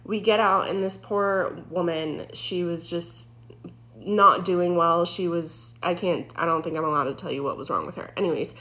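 A young woman, a former EMT, casually telling a true scary story in an animated way, full of "like" fillers. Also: lowish voice, normal speed. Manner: animated, heavy use of "like" fillers.

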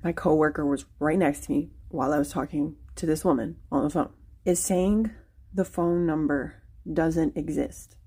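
A woman casually telling a spooky personal story in a halting way, often repeating her words. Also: deep voice, fairly even intonation, warm tone, husky.

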